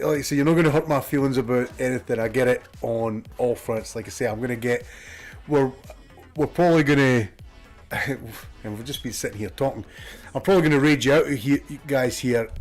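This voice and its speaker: A Scottish man streaming from a room at home, chatting in a rambling way and reading his viewers' messages aloud. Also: medium pitch. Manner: rambling, reads chat aloud. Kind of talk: casual chat with viewers.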